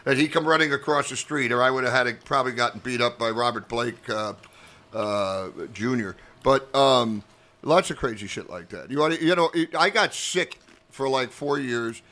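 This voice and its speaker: A man's voice: mid-range voice, moderate pace. A man, an actor and comedian, telling rambling, profane stories in a casual podcast chat. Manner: profane, rambling, animated storyteller.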